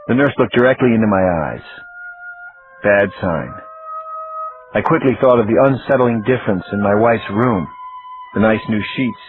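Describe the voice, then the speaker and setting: A man narrating an audiobook in the first person, plain and steady. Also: lowish voice. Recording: tinny phone-like audio, faint music.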